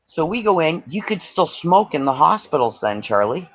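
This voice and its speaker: A man's voice: on the high side, moderate pace. A man from Canada telling a long personal story in casual chat, acting out what others said. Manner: animated, acts out quoted voices. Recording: dull lo-fi audio.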